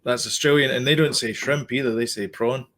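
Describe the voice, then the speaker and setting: Podcast co-host, male, mid-pitched, rambly and chatty. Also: steady tone, fairly quick, fairly bright tone. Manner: chatty, rambling, self-correcting explanations. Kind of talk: casual chat.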